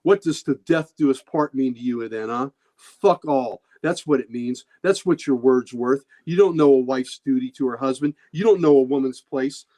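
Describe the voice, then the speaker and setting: A man's voice: mid-range voice, normal speed, hardly any pauses, mellow, voice pushed up, close to an everyday voice. A man voicing a bitter, foul-mouthed old father crippled by a stroke, snarling and taunting. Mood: venomous.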